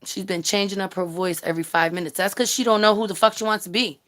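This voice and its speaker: Talking fast in a medium-pitched, slightly bright voice, a woman vlogger rants heatedly on a casual live stream. The YouTube commentator swears freely and speaks directly to her viewers.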